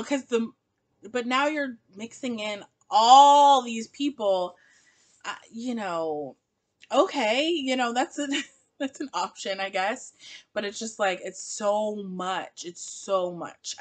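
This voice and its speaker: A woman's voice: medium pitch, slow. A woman reviewing a TV episode in a casual vlog, chatty and exasperated, laughing often. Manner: animated, laughing, exasperated asides. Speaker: TV show reviewer.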